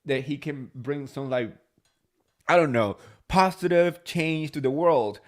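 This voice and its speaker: A man's voice: on the high side, unhurried. A man appearing as a podcast guest, chatting casually and with strong opinions, often restarting his sentences. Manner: chatty, opinionated, with false starts. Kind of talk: casual gossip chat.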